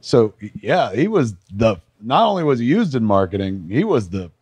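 A man co-hosting a podcast, chatting about entertainment news in an animated, emphatic way. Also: medium pitch, moderate pace, breathy edge, no echo. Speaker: podcast co-host. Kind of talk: casual entertainment news chat.

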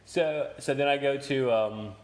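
A man's voice: mid-range voice, unhurried. A young man casually telling a story in a podcast chat, swearing a lot, laughing and acting out quotes. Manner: profane, laughing, acts out quotes.

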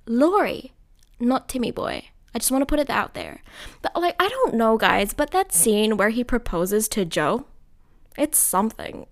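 A woman's voice: a little high, big pitch swings, measured pace. A young woman giving casual, gushing film commentary, giggling and talking straight to her viewers. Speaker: film vlogger.

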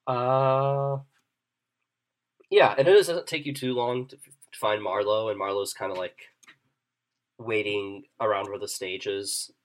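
A man narrating as game master in a relaxed, loose way with many fillers. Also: on the low side, measured pace, pauses often.

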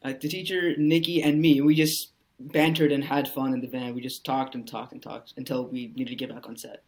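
A man's voice: medium pitch, level tone, fairly quick, a little mellow. Man guest rambling with many fillers. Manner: rambling, heavy use of "you know" fillers. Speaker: actor guest. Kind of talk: casual podcast interview.

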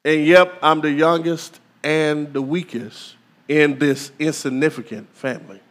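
A man's voice: a little high, fairly even intonation, unhurried, natural voice. A man voicing a timid young man who feels insignificant, pleading and self-deprecating.

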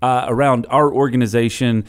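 Male podcast host, casual and upbeat, laughs easily, mid-pitched voice. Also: fairly even intonation, normal speed. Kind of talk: casual interview chat.

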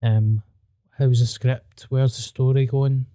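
A man's voice: medium pitch, little pitch movement, slow, mellow, no echo, studio quality. A Scottish man chatting casually as a podcast guest, blunt and full of swearing. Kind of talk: casual chat.

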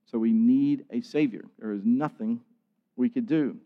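A man's voice: medium pitch, a little slow. A man preaching a sermon in an earnest way, building to emphatic peaks. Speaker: pastor. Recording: dull sound with long hall reverb.

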